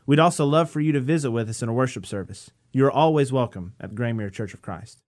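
A man's voice: mid-range voice, fairly quick, darkish tone. A man reading a scripted, welcoming introduction for a church sermon podcast. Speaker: podcast announcer.

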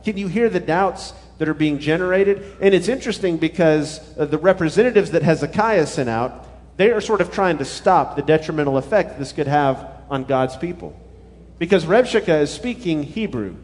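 A man's voice: fairly high pitch, animated, moderate pace, a little mellow, long reverb tail. A male pastor preaching a sermon, retelling scripture in a conversational way. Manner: paraphrases scripture in conversational voices.

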